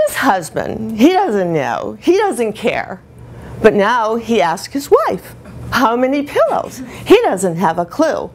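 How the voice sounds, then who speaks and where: A woman's voice: on the low side, a little hiss or hum. A woman over sixty giving a comic talk to a live audience, telling self-mocking stories and laughing along. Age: older. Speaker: speaker performing a comic character talk.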